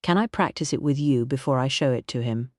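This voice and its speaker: A woman's voice: very deep voice, brisk, darkish tone, no echo, studio quality. A woman voicing an eager, earnest young policeman. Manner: keen, eager.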